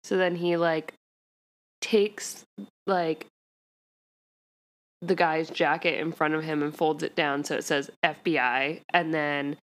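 A woman's voice: deep voice, fairly even intonation, takes it slowly, long pauses. A woman co-hosting a podcast, casually recapping a TV episode in a rambling way full of fillers. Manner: rambling, heavy use of "like". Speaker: podcast co-host.

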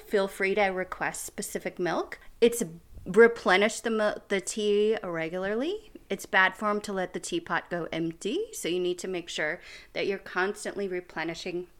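A woman's voice: mid-range voice, a little slow, a bit bright. An American woman co-hosting a podcast, chatting casually and giggling, with lots of "like" and "um". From United States. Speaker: podcast co-host. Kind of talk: casual chat.

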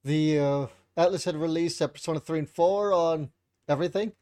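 A man's voice: fairly high pitch, moderate pace, darkish tone. A man co-hosting a casual podcast over an online call, loosely recapping news with plenty of filler words. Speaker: podcast co-host. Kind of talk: casual chat.

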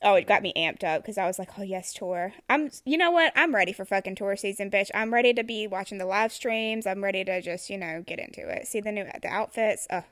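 A woman's voice: mid-range voice, quick pace, hardly any pauses, a bit bright, dry recording. Lady cohost, hyped and giggly, swears casually, close dry mic. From Southern US. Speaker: podcast co-host. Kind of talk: casual chat.

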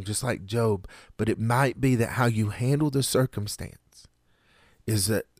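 Earnest preacher man, low and dry. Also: a little mellow, dry recording. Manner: earnest, measured, with dramatic pauses. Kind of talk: sermon.

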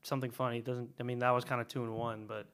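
A man's voice: mid-range voice, flat delivery, very fast, fairly bright tone. A young man co-hosting a casual podcast, joking and steering the segments. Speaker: podcast host.

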